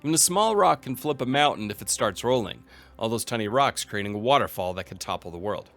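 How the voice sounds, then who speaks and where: A man reading aloud the part of a calm Spartan wife, reassuring her husband in a gentle way. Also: on the low side, a little fast, faint music behind. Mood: encouraging.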